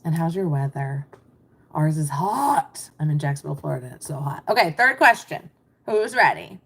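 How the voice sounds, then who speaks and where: Low-voiced woman coaching on a livestream. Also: very animated, moderate pace, slightly rough. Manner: warm, reassuring, chatty, reads chat aloud. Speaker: mindset business coach.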